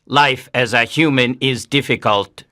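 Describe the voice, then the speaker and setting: A man plays a weary alien hiding behind a human mask, scheming in slow, measured words for a storybook audio drama. The voice is bright and forceful in tone, and the delivery is deliberate and unhurried. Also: medium pitch. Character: alien male disguised as a teacher, weary. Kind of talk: graded-reader audiobook drama.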